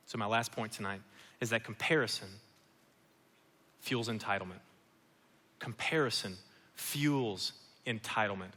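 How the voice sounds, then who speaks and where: A man's voice: lowish voice, unhurried, pauses often, bright, forceful tone. A man preaching a sermon as pastor, emphatic and repetitive, firing off rhetorical questions. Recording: long hall reverb.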